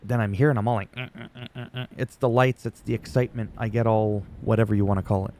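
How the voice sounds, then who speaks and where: A man's voice: lowish voice, steady tone, quick pace, warm tone, a little hiss or hum. A man whose first language is French, ranting sarcastically and profanely as a YouTuber recapping wrestling. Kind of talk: ranting casual commentary.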